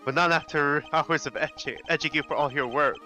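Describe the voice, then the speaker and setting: Man doing a composed, lowered prosecutor. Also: sharp tone, soft background music. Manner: measured, deliberate, low and serious. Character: cool, composed male prosecutor, analytical.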